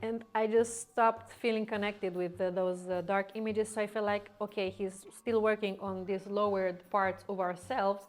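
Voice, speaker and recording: A woman's voice: medium pitch, flat delivery, moderate pace, few pauses. A woman vlogger casually retelling a personal story to the camera, rambling with many fillers and restarts.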